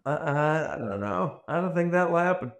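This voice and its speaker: A man's voice: fairly high pitch, lively intonation, moderate pace. A Scottish man in his sixties, a podcast guest who answers in rambling, self-deprecating stretches and restarts his sentences often. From Scotland. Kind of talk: podcast interview.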